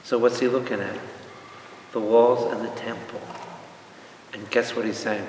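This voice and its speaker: Animated priest echoing from far off. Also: male voice, medium pitch, brisk, pauses often, a little hiss or hum. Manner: animated, asks the audience questions, acts out quotes. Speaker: priest teaching Bible study. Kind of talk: lively Bible study teaching. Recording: echoey hall from far off.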